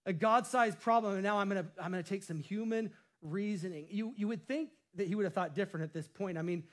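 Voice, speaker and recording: High-pitched male pastor, playful and jokey from the pulpit. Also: quick pace. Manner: playful, jokes and laughs at himself. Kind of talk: sermon.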